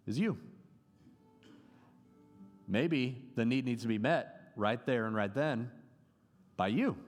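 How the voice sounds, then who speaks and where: A male pastor, preaching an earnest sermon that moves from storytelling into rising exclamations in a church. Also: mid-range voice. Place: church sanctuary. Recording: long hall reverb.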